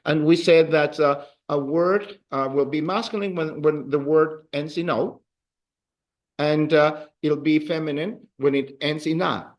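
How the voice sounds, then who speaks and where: A man's voice: a little high, a little slow. A man teaching a beginner language class, explaining rules and leading drills with praise. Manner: animated, drills students with counts and praise. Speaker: Spanish teacher.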